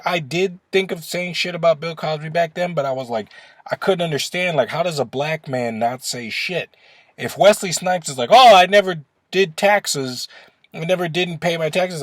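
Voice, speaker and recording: A man's voice: a little high, dry recording. Rambling, profane man ranting. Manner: rambling, profane, restarts mid-sentence. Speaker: vlogger. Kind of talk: casual opinion rant.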